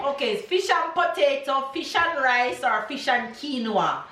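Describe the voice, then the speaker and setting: A woman's voice: high voice, big pitch swings, normal speed, sharp tone, slight background noise. A Jamaican woman in her thirties, a mother narrating a casual family vlog from her kitchen, playfully quizzing her kids in a sing-song way. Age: 30s. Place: home kitchen.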